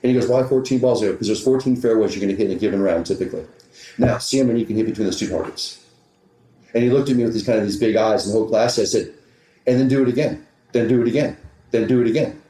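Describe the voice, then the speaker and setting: A man's voice: fairly low pitch, warm tone. A man who is a golf teaching professional, telling a story in a podcast interview and acting out the back-and-forth dialogue. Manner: retells conversations with quick back-and-forth dialogue. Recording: roomy echo.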